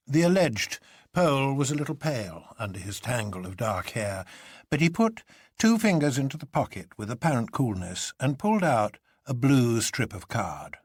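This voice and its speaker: A man reading a novel aloud in scripted narration, measured and expressive. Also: medium pitch, breathy edge, no echo, studio quality.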